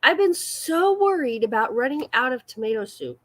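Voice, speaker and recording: A woman's voice: high-pitched, big pitch swings, moderate pace, a bit bright. A woman hosting a casual live chat with her viewers, giggly and self-deprecating. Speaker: livestream host.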